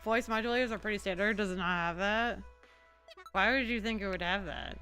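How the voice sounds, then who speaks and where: A woman's voice: mid-range voice, fairly quick, pushed and bright, soft background music. A woman streaming a game casually, rambling and chatting with her viewers. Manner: rambling, chatty, talks to chat. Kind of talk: casual gameplay livestream chat.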